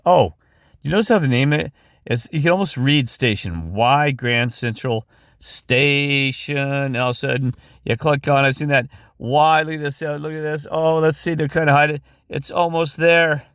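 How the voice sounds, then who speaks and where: Excitable man, dry close voice. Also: mid-range voice, no room sound. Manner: excitable, rambling, exclaims and restarts often. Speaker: video host. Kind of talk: excited screen-share commentary.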